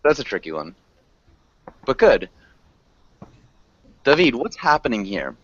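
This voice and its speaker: A man's voice: mid-range voice, very animated, measured pace, a bit bright, husky, no room sound, muffled recording. A man teaching an English class online, patiently correcting pronunciation with frequent ums.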